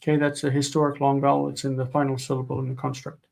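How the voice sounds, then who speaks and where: A man teaching a live online grammar lesson, explaining patiently and slowing down to spell out forms. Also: medium pitch, completely flat delivery, vocal fry, darkish tone.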